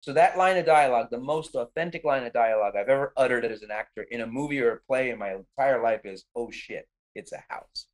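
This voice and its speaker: A middle-aged man with a medium-pitched voice talks quickly and with few pauses, casually recounting a film shoot in a podcast interview. He's an animated storyteller who acts out his own quotes and says "like" a lot.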